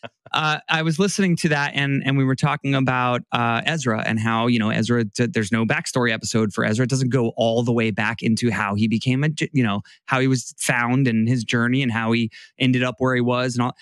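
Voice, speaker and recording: A man's voice: mid-range voice, fairly even intonation, brisk, a bit bright, no echo. Give me a man co-hosting a podcast, rambling in casual chat, dry sound. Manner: rambling, restarts a lot. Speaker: podcast co-host.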